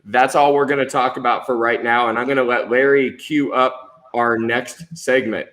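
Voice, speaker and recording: A man's voice: medium pitch, fairly even intonation, normal speed, fairly bright tone. A man co-hosting a livestream, talking in an upbeat, friendly way and laughing often. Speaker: co-host of a livestream show. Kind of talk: casual live-stream chat.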